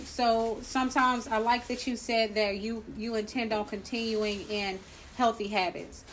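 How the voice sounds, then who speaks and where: A woman's voice: fairly high pitch, a little hiss or hum, rough recording. Reflective woman hosting a grief talk. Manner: reflective, uses examples from own life. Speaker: grief podcast host. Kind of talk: supportive faith-based counseling talk.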